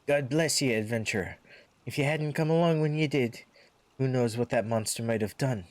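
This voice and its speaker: A man's voice: mid-range voice, normal speed, dry recording, voice pushed up, natural voice. A man playing a grateful common townsperson.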